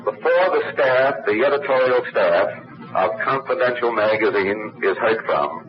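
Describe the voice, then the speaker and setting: A man's voice: on the low side, expressive. Give me a formal banquet speaker, a man, on a noisy old tape. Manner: measured and formal, with dry jokes. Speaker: club official introducing a roast. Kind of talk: formal after-dinner speech. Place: banquet hall. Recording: dull noisy 1950s archival recording.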